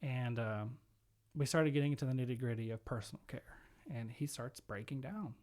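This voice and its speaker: A man's voice: medium pitch, moderate pace, darkish tone. A man guesting on a podcast, telling stories in casual conversation and acting out the voices of the people he quotes. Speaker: podcast guest, home care executive. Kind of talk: conversational storytelling.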